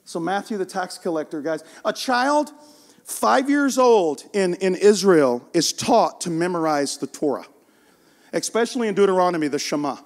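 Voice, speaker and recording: A male preacher delivers a sermon in a strikingly high voice with a gravelly edge. He talks with raw passion, climbing into shouts and then pulling back to an intimate hush. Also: expressive, normal speed. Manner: passionate, swings from shouting to hushed storytelling.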